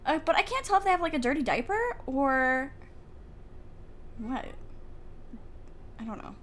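A young gaming YouTuber casually commentates a life-sim game from home, chatty and giggly, talking to her characters. Her voice sits high and sing-song at a measured pace with a fairly bright tone. The window is open, letting in faint outdoor ambience, and there is slight background noise.

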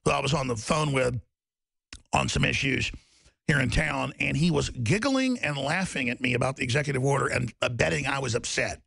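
A man's voice: mid-range voice, fairly quick, creaky, a bit bright, slightly rough, no echo, studio quality. A man hosting a talk radio show, ranting in a mocking, sarcastic, heated monologue.

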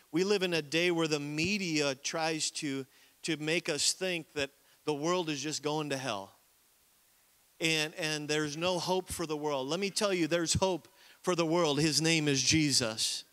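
A man's voice: fairly high pitch, a little slow, a bit bright, clean tone. A man from Minnesota, an evangelist preaching a sermon in a conversational way, often calling out for amens. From Minnesota, USA. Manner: conversational preaching with frequent call-outs for amen.

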